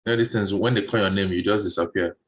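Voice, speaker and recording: This man talks fast, with a fairly low pitch, as he guides job seekers through interview questions over a video call. The online session is relaxed, and he regularly repeats words as he works out what to say.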